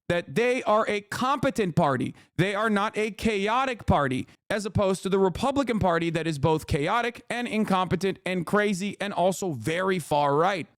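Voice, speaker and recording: A man streaming political reaction commentary in a casual, animated, profane way. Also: high voice, no room sound, studio quality. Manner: animated, profane, laughing often.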